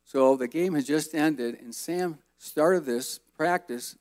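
A man in his fifties giving a relaxed, rambling personal testimony as guest speaker at a church service. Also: a little high, takes it slowly, no echo. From Colorado, USA. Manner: relaxed, folksy, rambling with fillers.

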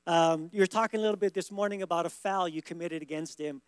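A man's voice: high voice, fast talker, clean tone, dry recording. A man hosting at a church service, upbeat and chummy as he questions a guest and hands over the stage. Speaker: church host. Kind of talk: casual interview with guest.

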